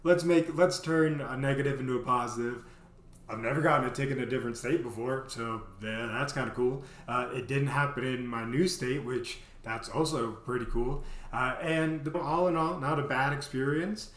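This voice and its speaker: A man's voice: medium pitch, fairly even intonation, normal speed, few pauses, fairly bright tone. Rambling man telling a story, roomy echo. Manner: rambling, heavy on "you know" fillers. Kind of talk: casual storytelling.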